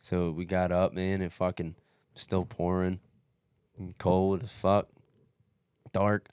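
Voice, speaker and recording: Deep-voiced man cursing through a story. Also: level tone, slow pace, darkish tone, smooth, no echo, clean studio sound. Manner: blunt, heavily profane, emphatic. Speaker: podcast co-host recounting a race. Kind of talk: casual storytelling chat.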